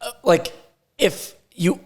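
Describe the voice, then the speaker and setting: A man telling stories as a podcast guest, blunt and profane in casual talk. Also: slow pace. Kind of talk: casual interview.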